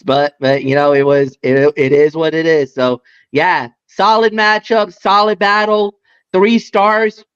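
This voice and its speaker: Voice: mid-range voice, level tone, measured pace, fairly bright tone, clean tone. A wrestling podcast co-host talking animatedly, repeating words and breaking into exclamations. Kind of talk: casual recap chat. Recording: dull lo-fi audio.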